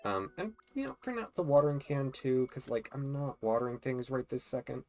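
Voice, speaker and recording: A let's play host chatting casually and joking while playing a life-sim game, thinking out loud. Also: medium pitch, lively intonation, brisk, soft background music. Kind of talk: casual gameplay commentary.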